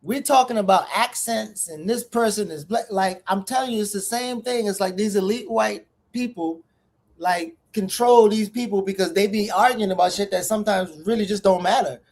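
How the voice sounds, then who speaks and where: High-voiced man cutting in casually. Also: moderate pace, a little mellow. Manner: loose, cuts in repeatedly with "listen". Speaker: morning show co-host. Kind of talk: casual chat on a talk show.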